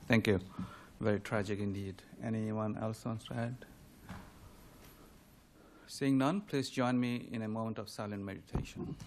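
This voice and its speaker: A man chairing a city council meeting, calling roll in a brisk, procedural way. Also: on the low side, fairly even intonation, darkish tone, a little hiss or hum. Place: council chamber.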